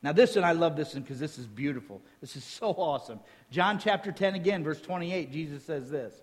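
High-voiced preacher in a reverberant hall. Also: male voice, brisk. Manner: lively teaching tone, quizzes the listeners with rhetorical questions, jokes in between. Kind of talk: sermon.

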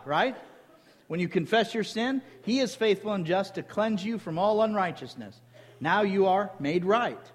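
A man preaching a sermon as pastor, emphatic, calling for responses from the congregation. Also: high voice. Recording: long hall reverb.

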